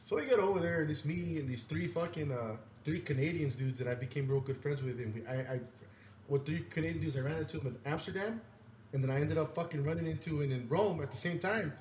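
A man co-hosting a podcast, telling stories in a rambling, profane and animated way. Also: fairly high pitch, fast. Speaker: podcast co-host. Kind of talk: casual storytelling chat. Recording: echoey room with faint noise.

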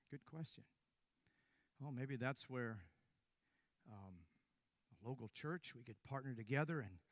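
An older man preaching a sermon, telling a story with hushed stretches and sudden loud bursts. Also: medium pitch, no echo.

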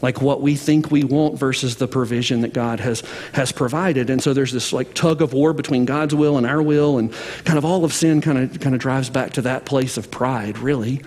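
A man's voice: mid-range voice, normal speed, few pauses, darkish tone, big-room sound. A man preaching a sermon as pastor, speaking conversationally with many fillers and restarts. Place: church sanctuary with balcony.

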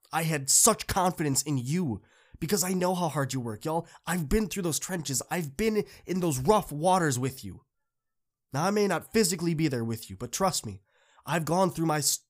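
A man hosting a podcast, giving an earnest, encouraging motivational talk to students that builds to emphatic peaks. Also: on the high side. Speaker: podcast host.

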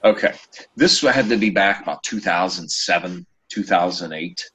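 A man hosting a casual chat show, telling a story with lively, acted-out quotes. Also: sits low, moderate pace. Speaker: podcast host.

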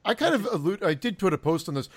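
Higher-voiced joking podcast co-host man. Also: sing-song, noisy background. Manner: joking, halting with restarts. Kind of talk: casual podcast banter.

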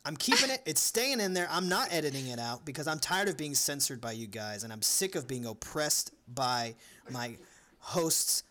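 A man's voice: a little high, moderate pace, a little hiss or hum. A man from Louisiana hosting a podcast, joking around and reading out notes in casual banter. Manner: joking, teasing, animated. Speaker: podcast host.

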